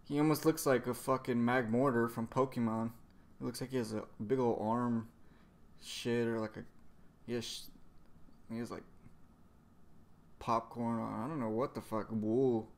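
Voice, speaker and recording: A man's voice: mid-range voice, fairly even intonation, moderate pace, pauses often. A man casually recapping a comic chapter, rambling, cursing a lot and trailing off into fillers. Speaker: manga reviewer.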